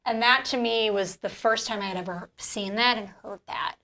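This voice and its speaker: A woman podcast host and business founder telling a story in casual chat, animated and full of "like", swearing freely. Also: mid-range voice, moderate pace, a little hiss or hum.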